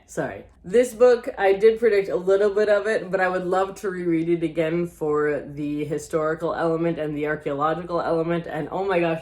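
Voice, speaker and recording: A woman's voice: on the low side, darkish tone. A woman vlogger chatting casually about books she loves, gushing and talkative and often calling her viewers guys. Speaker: book vlogger. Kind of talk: casual book recommendation chat.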